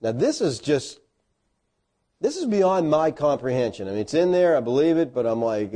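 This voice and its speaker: Animated preacher man with a mellow voice. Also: moderate pace. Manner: animated storytelling with sudden loud, high bursts; folksy asides and self-deprecating humor. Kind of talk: sermon.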